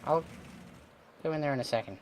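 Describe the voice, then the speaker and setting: Thinking aloud as he plays, a young man narrates a let's play casually, slipping in sarcastic remarks and an odd curse. His voice is on the high side with lively intonation and a slightly fast pace, and a little hiss or hum can be heard.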